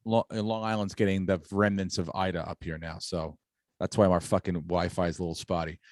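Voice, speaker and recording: A man's voice: sits low, level tone, brisk, darkish tone, no room sound. Middle-aged male podcast host, profane storyteller, dry close sound. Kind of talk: casual podcast chat. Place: home on Long Island, New York.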